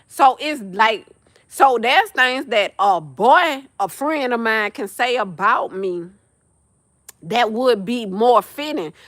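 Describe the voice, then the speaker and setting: A woman's voice: medium pitch, no echo, clean studio sound. A young woman, hosting a livestream and talking in a blunt, profane, casual rant. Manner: blunt, profane, animated ranting with laughs. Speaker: livestream host. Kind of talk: casual chat.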